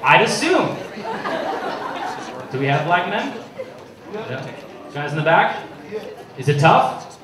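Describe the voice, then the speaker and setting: A young man in his twenties doing a profane, self-mocking stand-up comedy routine on a club stage, with an animated delivery. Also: on the high side, takes it slowly, long pauses, noisy background. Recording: echoey comedy club, distant mic, loud crowd. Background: loud audience laughter.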